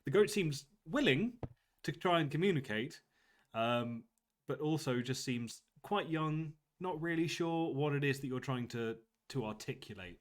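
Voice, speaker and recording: A man narrating a tabletop game as game master, in a casual, halting way with lots of fillers. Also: on the high side, lively intonation.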